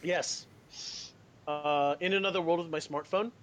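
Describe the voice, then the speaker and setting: A man co-hosting a casual anime podcast, telling stories in a profane, animated way and laughing often. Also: fairly high pitch, measured pace. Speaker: podcast co-host.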